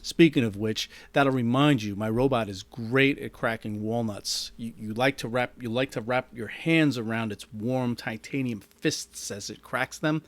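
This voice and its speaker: Deadpan man reading his own story. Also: mid-range voice, dry recording. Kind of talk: reading a short story aloud. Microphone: microphone.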